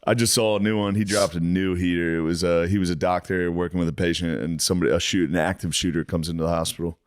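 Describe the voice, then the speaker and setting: A man co-hosting a podcast, telling animated stories and laughing often. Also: low voice, fast talker, no room sound, clean studio sound. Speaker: podcast co-host. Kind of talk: casual chat.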